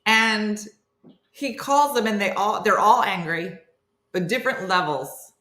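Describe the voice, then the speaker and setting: A woman's medium-pitched voice, a little slow, carries her comedy morning show as she chats casually with viewers on a livestream. Chatty and animated, she tells stories, acts out quoted voices, laughs and reads out viewer names, with a roomy echo.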